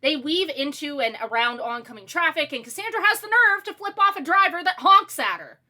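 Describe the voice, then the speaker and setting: Woman game reviewer, ranting, sarcastic, high bright voice, big pitch swings. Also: a little fast. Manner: exasperated, sarcastic and animated.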